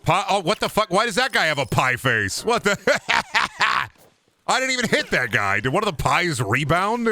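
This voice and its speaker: A young man giving loose, joking commentary while he plays a video game, rambling and swinging between loud outbursts and low mutters. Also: very animated, fairly quick, few pauses. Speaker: gaming streamer. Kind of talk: casual gameplay commentary.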